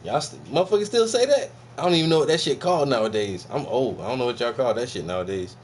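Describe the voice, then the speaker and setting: A man's voice: medium pitch, animated, quick pace, slight background noise. An American man riffing profanely and mockingly on a podcast clip, laughing often as he rants. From United States. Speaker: video commentator reacting to a podcast clip. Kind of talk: casual profane reaction rant.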